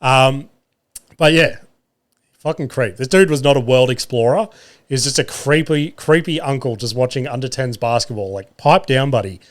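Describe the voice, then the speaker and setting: At medium pitch and normal speed, a thirtysomething Australian podcast host trades casual comic stories in a home room. His manner is profane and wry, full of filler and acted-out quotes.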